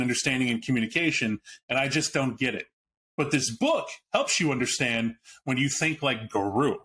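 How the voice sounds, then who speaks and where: A man's voice: medium pitch, fairly bright tone, slight background noise. A man hosting a podcast, talking casually and bluntly about a tabletop game book, swearing now and then and restarting his sentences as he thinks aloud. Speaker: podcast host.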